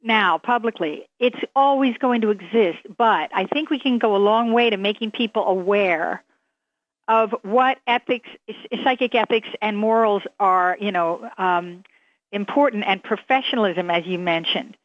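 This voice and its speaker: A woman's voice: mid-range voice, moderate pace, no echo. A woman speaking emphatically and indignantly as a psychic guest in a radio interview. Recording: dry, muffled radio sound.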